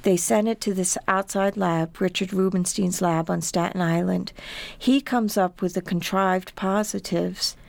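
A woman's voice: fairly low pitch, fairly even intonation, unhurried, gravelly. A middle-aged woman, an author and sheep farmer, speaking earnestly as an interview guest. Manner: earnest, repeats words when upset.

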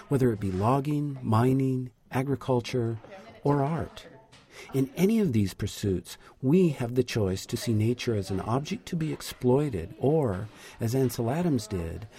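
A man narrating a radio news feature as a reporter, in a measured, reflective way. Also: mid-range voice, dark tone.

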